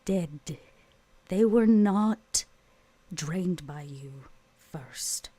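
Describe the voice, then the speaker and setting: A woman voicing a blunt female vampire mentor who teases with deadpan dryness. Her voice sits low and husky and is recorded dry and close. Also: normal speed, dry recording. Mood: patient. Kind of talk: tabletop role-play in character.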